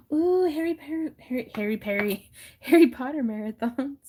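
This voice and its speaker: A woman's voice: high voice, animated, moderate pace, warm tone. A woman hosting a crafting livestream, chatting casually and laughing often while she wire wraps. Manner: giggly, chatty, acts out little voices in her stories.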